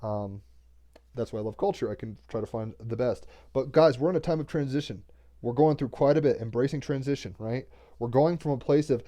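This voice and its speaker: A man giving a casual spiritual monologue as an oracle card reader, rambling and excitable, swearing casually and mixing loose chat with card text read aloud. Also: medium pitch, a little fast.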